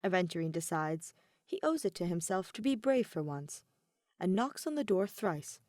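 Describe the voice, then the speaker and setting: A woman reading a fan fiction story aloud in a steady, measured audiobook narration. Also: fairly low pitch, dry recording, studio quality. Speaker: podfic reader.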